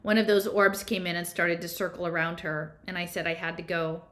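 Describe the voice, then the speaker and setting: A woman's voice: fairly low pitch, level tone, fairly quick, fairly bright tone. A woman reading a first-person novel aloud, in a conversational, unpolished way with small slips. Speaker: audiobook reader.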